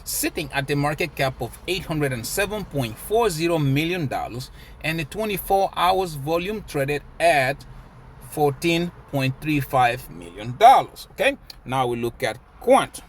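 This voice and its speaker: A man's voice: on the high side, husky. A man giving casual, emphatic market commentary as a crypto vlogger. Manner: animated, emphatic, preachy.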